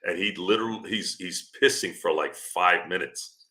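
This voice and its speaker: A man's voice: sits low, moderate pace, pushed and bright. A man hosting a casual sports stream, rambling and teasing the people in his chat. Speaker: podcast host.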